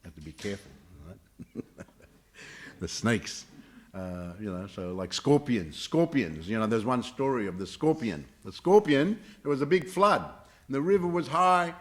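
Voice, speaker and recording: A man teaching a scripture class, telling stories with many hesitations and filler sounds. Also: fairly high pitch. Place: temple class room.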